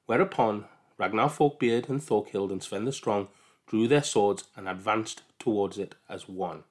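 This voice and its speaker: Male storyteller, calm measured storybook read-aloud. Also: lowish voice.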